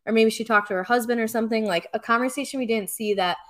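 Speaking fast in a slightly high voice, a podcast co-host chats animatedly about reality TV in a casual recap. She laughs a lot and performs other people's lines herself.

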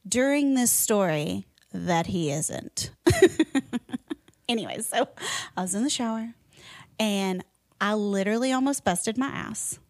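A woman's voice: mid-range voice, a little slow, pauses often, no echo. A woman in her thirties co-hosting a casual podcast chat, telling funny stories and laughing often. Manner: giggly, laughs often, animated storyteller. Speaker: podcast co-host.

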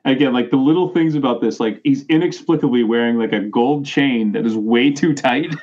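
A man's voice: mid-range voice, brisk, darkish tone. Blunt, profane male co-host in a studio, dull lo-fi sound. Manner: blunt, swears freely. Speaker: podcast co-host. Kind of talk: casual chat. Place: radio studio.

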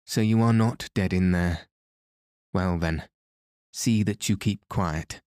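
A man reading the lines of a coldly calm, mocking masked male madman in an audiobook. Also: low-pitched, slow pace, smooth, no room sound, studio quality.

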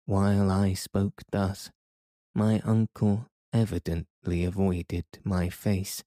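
A man reads a bedtime story in a calm, soothing way. His deep voice moves very slowly with little rise or fall. The sound is dry and close. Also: no room sound. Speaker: sleep podcast narrator. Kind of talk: scripted bedtime story reading.

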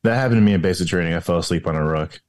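A man with a very deep voice tells stories slowly, with frequent ums and restarts. The sound is dry and close. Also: a little mellow, dry recording. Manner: hesitant, lots of ums and restarts. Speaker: military veteran guest. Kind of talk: casual podcast storytelling.

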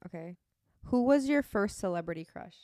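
A young woman leading a game of questions in casual chat with friends, teasing and quick to laugh, swearing casually. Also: medium pitch, lively intonation, dark tone, no echo, studio quality. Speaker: game leader asking the questions.

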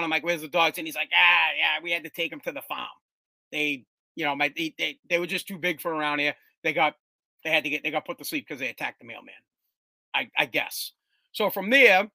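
A man's voice: high voice, dry recording. A middle-aged man from Massachusetts telling casual, profane, rambling stories as a podcast host. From Woburn, Massachusetts, US. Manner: rambling, animated, swears freely, restarts often.

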